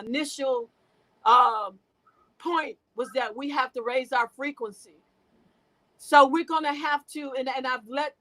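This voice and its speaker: A woman guest gives an impassioned spiritual talk, emotional and preachy, frequently repeating herself and starting over. Her voice is high-pitched and slightly bright, and the recording quality is rough.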